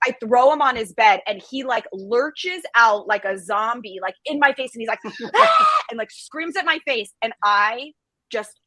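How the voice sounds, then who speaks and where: Bright, animated woman telling a story. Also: a little high, moderate pace, no echo, poor audio. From Israeli family. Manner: animated, self-deprecating, laughs through stories. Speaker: podcast guest. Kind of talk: casual storytelling.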